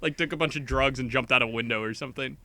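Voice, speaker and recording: A young adult man co-hosting a podcast, talking casually with an animated, jokey manner. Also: medium pitch, fast. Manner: animated, jokey, laughs often. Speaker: podcast co-host. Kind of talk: casual chat.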